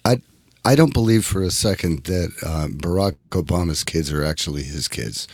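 A man's voice: low voice, lively intonation, normal speed, gravelly, darkish tone, dry recording. A man co-hosting a studio talk show, speaking in an assertive, lecturing way and insisting on finishing his points. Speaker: co-host. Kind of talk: casual chat.

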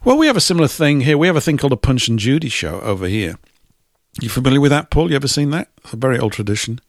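A man's voice: mid-range voice, sing-song, very fast, no room sound, clean studio sound. A man hosting a casual podcast chat, talking in a chatty way, laughing often and reading out viewer comments. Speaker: host.

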